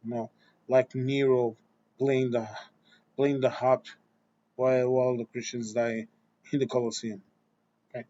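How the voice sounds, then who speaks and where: A man of middle pitch vents to his viewers in a blunt, exasperated rant, swearing freely and stumbling over restarts. The sound is dull and lo-fi, like a simple home recording. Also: flat delivery, measured pace, long pauses, mellow. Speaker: vlogger. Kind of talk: opinion rant to camera.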